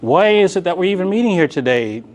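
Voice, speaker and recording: A man's voice: sits high, quick pace. A man leading a live real estate coaching session, joking and calling on the audience. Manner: animated, joking, calls on audience.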